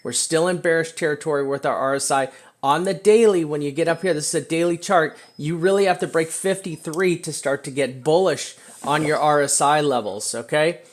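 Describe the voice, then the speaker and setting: Fast, filler-heavy man explaining charts. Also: fairly high pitch. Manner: talks fast and loose with many fillers, repeated "right?". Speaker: crypto chart analyst. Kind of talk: casual chart walkthrough.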